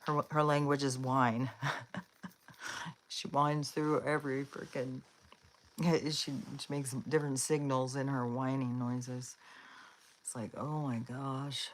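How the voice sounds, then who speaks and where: A woman's voice: a bass voice, flat delivery, takes it slowly, pauses often. A woman hosting a live stream, rambling casually and chatting to her dogs between thoughts. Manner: chatty and rambling, with frequent fillers and laughs; talks to her dogs in a coaxing voice.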